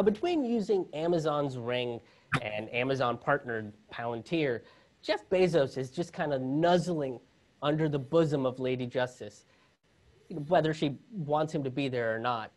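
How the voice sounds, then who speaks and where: A man's voice: mid-range voice, expressive, normal speed, darkish tone. A male comedian hosting a political commentary show, sarcastic and laughing at his own jokes. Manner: self-promoting sign-off read. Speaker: comedian host.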